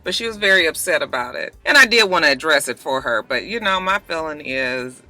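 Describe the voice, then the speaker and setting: A woman's voice: low voice, lively intonation, brisk, sharp tone, soft background music. A woman hosting a casual chat vlog, talking bluntly with sassy asides and a slightly thick mouth from a dental retainer. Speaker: vlog host. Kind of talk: casual chat about celebrity news.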